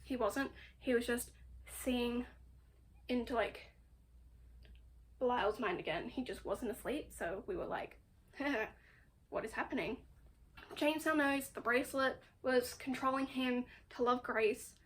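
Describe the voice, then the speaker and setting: High-voiced woman, chatty dramatic recap. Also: slow pace, pauses often, slight background noise. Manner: chatty, full of "like"; exasperated, dramatic storytelling. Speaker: book vlogger. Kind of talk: casual book recap.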